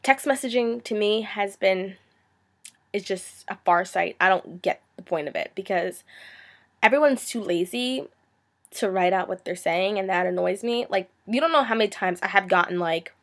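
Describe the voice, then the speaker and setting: A woman's voice: mid-range voice, moderate pace. A teenage girl ranting in a vlog, sarcastic and exasperated, now and then slipping into mocking impressions. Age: teens. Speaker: vlogger.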